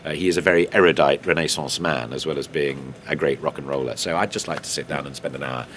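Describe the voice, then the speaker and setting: Very deep-voiced older Englishman. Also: steady tone, fast talker, a bit bright, slight background noise. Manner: chatty, anecdotal, with fillers and self-corrections. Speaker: interviewee, TV news presenter. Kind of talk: relaxed interview answers.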